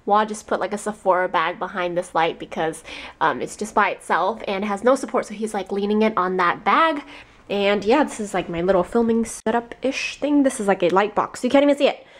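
A woman's voice: medium pitch, a little fast. A young woman vlogging casually from her apartment bedroom into a handheld camera, chatty and rambling with frequent giggles. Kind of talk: casual vlog chat.

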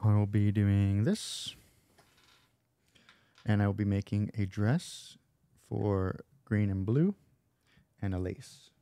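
A man with a mellow, dark tone at a mid pitch, sounding dry and close. He chats casually at a board game table, explaining the cards and joking with the other players. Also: steady tone, takes it slowly, long pauses, clean tone, no room sound. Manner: explains card rules, playful banter. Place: indoors at a table.

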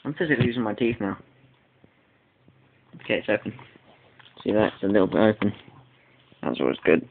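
A man's voice: lowish voice, lively intonation, fairly quick, gravelly, long pauses. A teenage boy vlogging casually at home, rambling and complaining in an exaggerated, whiny way, recorded on a tinny, lo-fi line with faint hiss.

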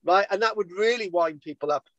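A man's voice: high voice, a little fast, no room sound, muffled recording. A man, an archaeologist hosting a live stream, chatting casually and jokingly, often repeating words.

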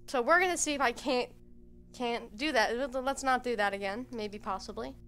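Young female streamer, bright fairly high voice, quiet nervous rambling commentary on a headset mic at home. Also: normal speed, smooth, faint music behind. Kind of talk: let's-play commentary.

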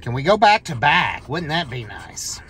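A scratch-off lottery host, calling out numbers as they scratch and breaking into excited shouts at wins. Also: medium pitch, normal speed, breathy edge.

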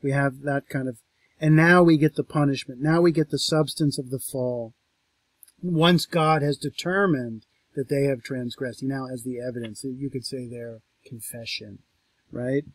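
A man lecturing on a scripture passage, reading verses aloud in a raised, slower voice and then explaining them casually, thinking aloud with restarts and asides. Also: mid-range voice, steady tone, dry recording. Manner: reads quoted verses louder and slower, then explains conversationally. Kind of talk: reading and commenting on a text.

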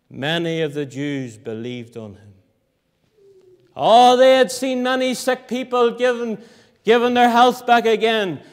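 Guy preaching, really high voice, rich resonant tone, big fiery-to-hushed swings. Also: clear, resonant tone. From Northern Ireland. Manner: impassioned, swinging from loud cries to hushed low lines. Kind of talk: sermon. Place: church hall. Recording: reverberant church hall.

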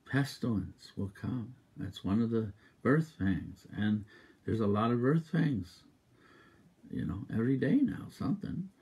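A man preaching a sermon as a minister, exuberant and emphatic, repeating exhortations and breaking into loud rhythmic laughter. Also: lowish voice, animated, unhurried, breathy edge.

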